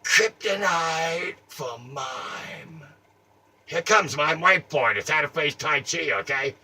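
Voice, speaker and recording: Theatrical taunting man, bright and distant. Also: a little high, lively intonation, normal speed. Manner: theatrical, taunting, swings between mutters and shouts. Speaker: comedic performer. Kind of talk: improvised comic monologue. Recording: distant mic, faint ambient noise.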